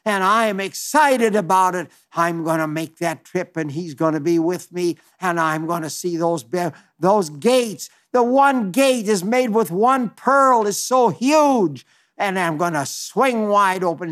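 A man's voice: sits high, a bit bright. A man in his nineties preaching a sermon in a fervent, folksy way, often restarting his sentences. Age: 90s.

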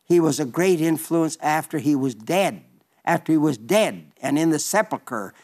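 Elderly male preacher in his eighties with a slightly high voice, fervent, repeats phrases as he tells the story. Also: animated, normal speed, darkish tone. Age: 80s. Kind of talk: sermon.

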